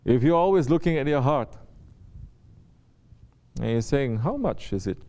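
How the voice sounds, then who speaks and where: This is a man with a mellow mid-range voice, animated yet measured in pace. As a Sufi teacher, he gives his students a spiritual talk, going back over his points and regularly tossing short rhetorical questions to the room.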